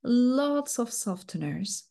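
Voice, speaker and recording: A woman mentor teaching a coaching technique, speaking slowly and softly with frequent fillers. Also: on the high side, sing-song, vocal fry. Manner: slow, soft-spoken, uses many fillers.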